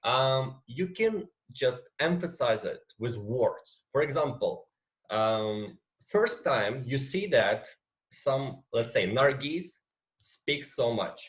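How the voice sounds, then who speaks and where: Slow, hesitant Azerbaijani-accented man. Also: medium pitch, animated. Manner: hesitant, many fillers and "yeah?" checks. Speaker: teacher trainer. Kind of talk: online training session.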